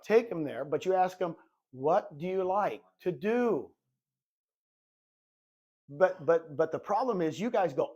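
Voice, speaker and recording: A man's voice: sits high, a little slow, pauses often, slightly rough. A man in his sixties coaching real estate agents in a live presentation, a self-described goofball who acts out conversations as he tells stories. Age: 60s. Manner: animated storytelling, acts out dialogue.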